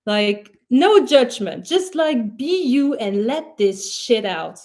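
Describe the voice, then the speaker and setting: Woman, young adult, high-pitched, mindset coach, casual live stream, blunt, swears a lot, rambling. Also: expressive, slow, a little mellow.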